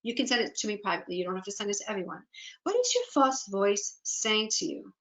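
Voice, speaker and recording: A woman's voice: medium pitch, very animated, quick pace, fairly bright tone, rough recording. A woman business and life coach giving an earnest, encouraging webinar presentation, often voicing people's inner doubts aloud.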